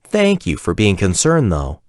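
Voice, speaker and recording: A man voicing a spirited, quick-tempered young woman adventurer in an audiobook, raising his voice to sound lighter. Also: fairly low pitch, wildly swooping pitch, darkish tone, no room sound, studio quality. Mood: bright.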